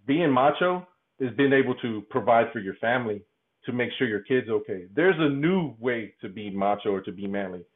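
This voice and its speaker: A man giving a candid interview, talking haltingly, repeating words and laughing often. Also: mid-range voice, animated. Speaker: podcast guest. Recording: tinny phone-like line.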